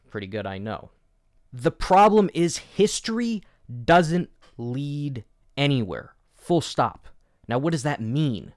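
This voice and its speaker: A man's voice: a little high, very animated, slow pace, a little mellow, soft background music. A man hosting an educational video essay, explaining history with wry, jokey asides. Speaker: educational YouTube host.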